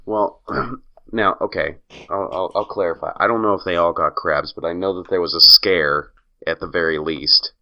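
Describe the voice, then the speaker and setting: A man's voice: low-pitched, steady tone, normal speed, lo-fi sound. A man co-hosting a podcast in casual chat, telling stories in a wry, teasing way. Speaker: podcast co-host.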